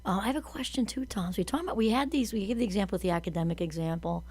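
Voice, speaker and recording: A woman's voice: mid-range voice, very fast, darkish tone, breathy edge. A woman hosting a podcast, chatting casually and animatedly, often acting out quotes. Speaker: podcast host. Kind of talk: casual conversation.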